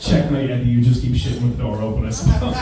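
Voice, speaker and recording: A young stand-up comedian performs a wry, self-deprecating set on a comedy club stage, swearing freely. His medium-pitched voice sits far from the mic, and the roomy club sound carries audience laughter.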